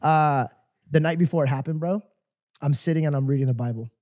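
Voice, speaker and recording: A man's voice: fairly high pitch, brisk, darkish tone, no room sound, clean studio sound. A young man co-hosting a podcast, earnestly telling a personal story, acting out the dialogue and often saying "bro". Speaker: podcast co-host. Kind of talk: casual podcast chat.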